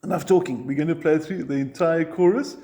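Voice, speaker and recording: A man's voice: fairly high pitch, a little fast, mellow. A man teaching a ukulele lesson, explaining chord shapes step by step and counting strums aloud. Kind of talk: music lesson.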